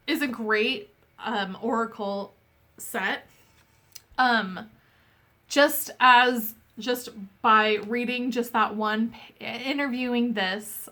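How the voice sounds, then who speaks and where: A woman's voice: on the high side, pushed and bright. A young woman reviewing an oracle card deck, reading from its booklet and chatting earnestly with many fillers, coughing as she gets over being sick. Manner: chatty and earnest, many "um"s, says sorry often. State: recovering from illness, coughing. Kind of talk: casual deck review with read-aloud passages.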